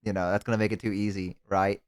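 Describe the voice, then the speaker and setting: A man's voice: low-pitched, flat delivery, fast. A man streaming, chatting casually, joking and rambling with crude humor.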